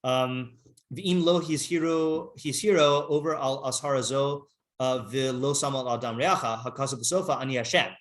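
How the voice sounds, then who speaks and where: A man teaching an informal text class, halting and rambling with many fillers, reading Hebrew passages aloud and translating them. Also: mid-range voice.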